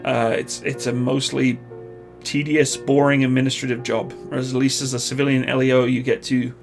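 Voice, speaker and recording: A Canadian man, likely in his thirties, hosting a live stream, reading viewer questions and answering in a relaxed, rambling way with many pauses. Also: medium pitch, gravelly, soft background music. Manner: relaxed, chatty, hesitant with many uhs.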